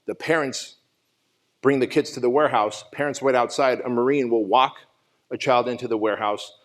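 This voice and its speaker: On a conference stage, a man in his forties from Armenia delivers an emotional, profane motivational talk at a summit, recounting his own story. His medium-pitched voice moves at a normal speed with fairly even intonation, and his raw storytelling is peppered with frequent swearing.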